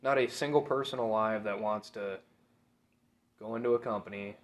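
A man's voice: on the low side, normal speed. A young man with a Minnesotan accent, blunt and joking with casual swearing in a podcast chat. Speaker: podcast co-host.

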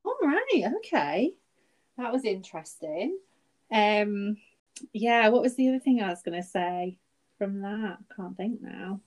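A woman's voice: medium pitch, big pitch swings, darkish tone, rough recording. Chatty British woman co-hosting a podcast. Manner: chatty, quick to laugh. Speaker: podcast co-host. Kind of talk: casual chat. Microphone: remote recording.

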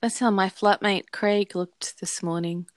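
A woman's voice: medium pitch, fairly even intonation, measured pace, no room sound. A woman co-hosting a podcast in casual chat, rambling and searching for words. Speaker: podcast co-host.

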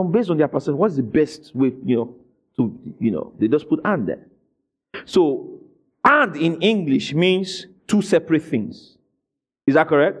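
Animated preacher, high lively voice. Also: male voice, breathy edge. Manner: animated preaching, calls out questions to the congregation, bursts into shouts. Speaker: pastor. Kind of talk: sermon.

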